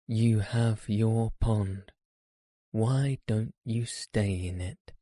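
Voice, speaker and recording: A man's voice: on the low side, extremely slow, warm tone, no echo, studio quality. A man voicing a tearful, sulky young girl in a storybook reading, speaking in a plaintive, complaining way.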